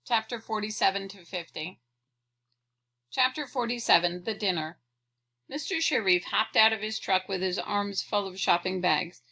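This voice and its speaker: A woman reads a children's storybook aloud, clearly and with expression. Her voice is bright and forward, with a gravelly crackle at the bottom of her sentences. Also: medium pitch, normal speed. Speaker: audiobook reader.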